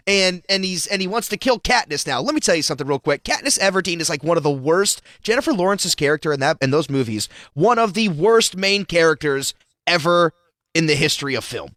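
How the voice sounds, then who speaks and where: A young male radio co-host rambles in exasperated complaints, scattering "like" through every sentence. His voice sits high and bright and swoops widely. The studio is dry and close. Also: lively intonation, brisk, no echo. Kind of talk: casual morning radio banter. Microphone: studio microphone.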